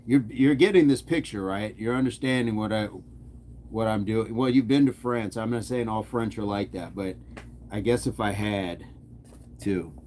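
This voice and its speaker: A man's voice: fairly low pitch, moderate pace, darkish tone, slight background noise. A man hosting a casual fitness live stream, playful and jokey as he chats with viewers on his phone. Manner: playful, jokey, hypes up the chat.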